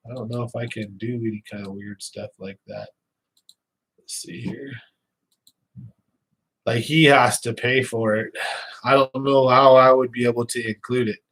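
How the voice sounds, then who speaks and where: A man's voice: mid-range voice, a bit bright. Chatty congested man live-streaming. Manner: chatty, rambling, laughs often. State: slightly congested with sinus trouble. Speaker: fishing channel host. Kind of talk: casual live stream chat with viewers.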